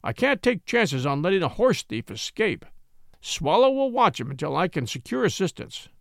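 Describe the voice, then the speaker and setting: A gruff farmer who speaks brusquely and angrily, as a male narrator reads him. The delivery stays lively, and the recording is dry and close. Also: sits high, moderate pace, dry recording, full character voice. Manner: brusque, angry.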